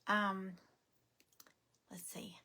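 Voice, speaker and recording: A woman's voice: mid-range voice, flat delivery, extremely slow, pushed and bright. A woman hosting a craft livestream, chatting casually and muttering to herself now and then.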